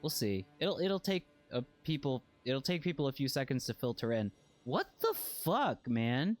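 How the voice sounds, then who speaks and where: A man's voice: medium pitch, big pitch swings, moderate pace. A man streaming a game and chatting casually, rambling and swearing as he restarts his phrases. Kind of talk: casual livestream chat.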